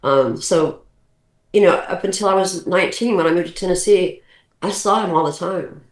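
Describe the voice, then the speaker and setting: A woman's voice: on the low side, moderate pace. Older woman telling stories in a roomy space. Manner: animated, rambling anecdotes with restarts. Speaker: guest. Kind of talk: casual storytelling. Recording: roomy echo.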